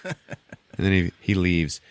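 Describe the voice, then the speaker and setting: A man with a fairly low voice runs through a film's plot for his podcast, loose and offhand, dropping the odd swear. He is close on the mic in a dry room with no echo. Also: unhurried. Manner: offhand, profane retelling. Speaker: podcast host. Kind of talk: casual movie recap.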